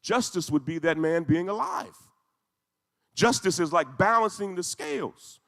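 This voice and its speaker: Male speaker, intense storyteller, gravelly voice, echoing hall. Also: sits high, expressive, measured pace, fairly bright tone. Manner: intense, storytelling with rising emphasis. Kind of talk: emotional speech to a congregation. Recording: echoey hall.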